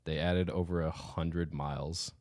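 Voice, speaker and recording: A very deep-voiced man co-hosting a chatty podcast, loose and playful, drifting off mid-thought before picking back up. The recording is dry and close, with no room sound around him. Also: fairly even intonation, a little slow, darkish tone, no echo. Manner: laid-back, joking, trailing off mid-sentence. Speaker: podcast co-host. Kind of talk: casual chat.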